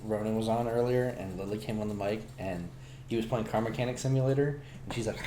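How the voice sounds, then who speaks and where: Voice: medium pitch, a little fast. Player ranting a funny story, swears a lot, echoey room, noisy. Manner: excited storytelling, swearing, laughing as she goes. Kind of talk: casual chat.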